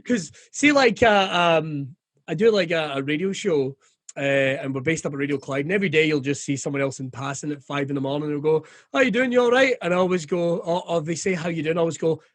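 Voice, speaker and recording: Scottish man, comedian guest, joking and swearing, slightly high voice, dry close sound. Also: a little fast, no echo. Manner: sweary, jokey and candid. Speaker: comedian and radio presenter guest. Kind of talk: casual interview chat.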